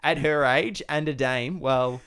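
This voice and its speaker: A man's voice: medium pitch, measured pace, fairly bright tone, a little hiss or hum. A man co-hosting a casual film review podcast, trading dry, sarcastic quips. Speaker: podcast co-host.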